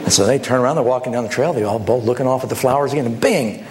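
A male pastor preaching a sermon, telling illustrative stories with lively, animated delivery. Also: medium pitch, very fast, slight background noise. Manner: animated storytelling, acting out voices.

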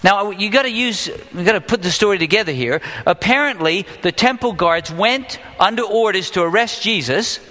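A man's voice: high voice, expressive, moderate pace, few pauses, bright, forceful tone. A man preaching a sermon to a live congregation in a conversational way, often asking them questions. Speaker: pastor. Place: church hall with live congregation. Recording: long hall reverb.

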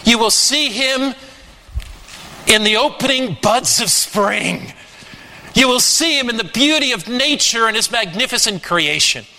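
A man preaching a sermon, slow and emphatic, with dramatic rises and drops in his voice. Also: high voice, bright, forceful tone, in a large hall, poor audio.

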